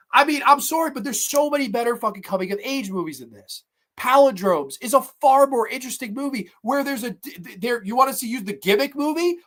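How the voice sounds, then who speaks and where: A woman with a high-pitched, somewhat bright voice hosts a movie review podcast. She bluntly trashes a film she dislikes, full of swearing and obvious exasperation.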